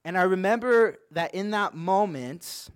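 A young male pastor with a slightly high voice tells a story from the pulpit. He speaks earnestly and with animation, often filling his sentences with "like". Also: lively intonation, measured pace, smooth. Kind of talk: sermon storytelling.

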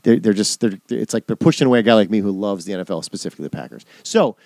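A man's voice: lowish voice, expressive, very fast, vocal fry, darkish tone, no room sound, clean studio sound. A middle-aged man co-hosting a podcast, telling a story in a rambling way, full of restarts and acted-out quotes. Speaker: podcast co-host. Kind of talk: casual chat, storytelling.

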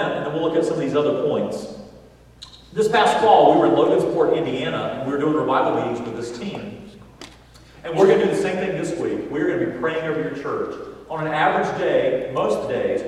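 A man preaching a sermon as a pastor, telling stories with animated, emphatic delivery. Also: a little high. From Southern United States. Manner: animated storytelling, builds to loud emphatic points. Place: large church sanctuary. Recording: echoey church hall from far off.

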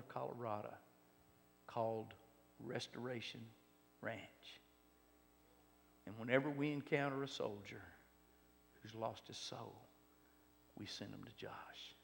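Gravelly preacher man in a hall. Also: mid-range voice. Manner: swings from loud exhortation to hushed near-whispers. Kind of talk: sermon testimony. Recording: long hall reverb.

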